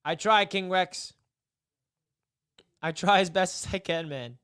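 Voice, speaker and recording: A man's voice: high-pitched, slow pace, a bit bright, clean tone, no echo, studio quality. A young man hosting a casual live sports stream, rambling and mock-despairing, repeating himself.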